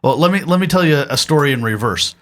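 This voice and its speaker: A man's voice: on the high side, quick pace. A man in his forties who leads church youth ministry, telling stories and giving earnest parenting advice as a podcast guest, chuckling often. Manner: earnest storyteller, chuckles often, steady pastoral tone. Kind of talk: casual parenting advice chat.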